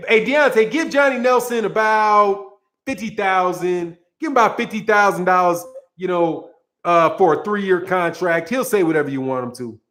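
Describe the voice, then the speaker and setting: A man's voice: high voice, a bit bright. A man hosting a boxing channel, ranting casually in a rambling, sarcastic way, repeating words and breaking into laughs. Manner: sarcastic, mocking.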